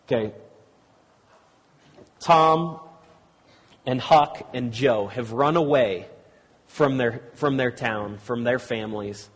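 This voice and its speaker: A male preacher talks in a loose, conversational way, stopping and restarting as he speaks to the audience. His voice is husky. It echoes with the long reverb of a large church hall. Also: medium pitch, slow, pauses often. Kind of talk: sermon with storybook reading.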